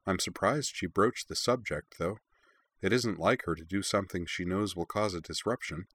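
A man voicing a calm, perceptive young woman who speaks in a measured, understanding way. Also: sits low, no echo.

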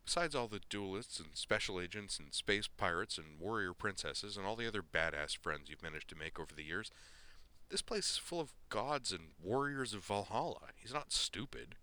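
A man's voice: on the low side, expressive, normal speed, pushed and bright, pitched above the performer's own voice, low-quality recording. A man voicing a level-headed young woman. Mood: reasoning. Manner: level-headed, matter-of-fact. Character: sensible young woman, calm old friend.

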